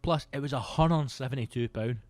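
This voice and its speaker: A Scottish comedian in his thirties hosting a podcast, rambling through a casual comic monologue that is full of swearing and breaks into loud outbursts. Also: medium pitch, a little fast, dry recording, clean studio sound, faint music behind. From Scotland. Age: 30s. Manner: sweary, rambling, animated bursts into loud exclamations.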